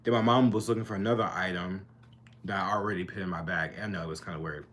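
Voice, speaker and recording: Young man, sassy rambling storyteller, slightly low voice, faint background hum. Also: fairly even intonation, fast, a bit bright. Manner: chatty, rambling, sassy, lots of fillers. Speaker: vlogger. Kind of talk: casual storytime monologue. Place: his bedroom.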